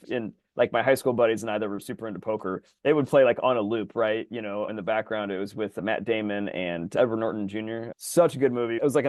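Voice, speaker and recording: A man co-hosting a podcast in casual chat, rambling and animated, his voice jumping high when he gets excited. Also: no echo. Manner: rambling, animated storyteller full of fillers. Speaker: podcast co-host.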